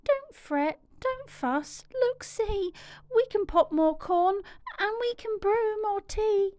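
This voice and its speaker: A woman voicing a tiny fussing male mouse in a children's storybook reading, with a squeaky manner. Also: animated, slow, a little mellow, dry recording, full character voice. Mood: soothing.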